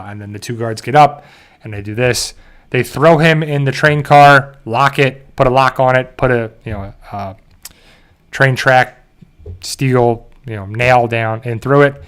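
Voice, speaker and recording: A man's voice: medium pitch, fairly bright tone. A man hosting a show, animatedly recapping a TV episode in casual talk and briefly mimicking the characters. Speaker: show host.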